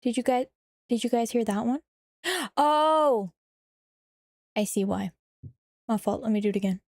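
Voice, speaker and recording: A young woman streamer in casual live-stream chat, excitable and chatty, swearing and teasing her viewers. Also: mid-range voice, fast, no room sound, clean studio sound.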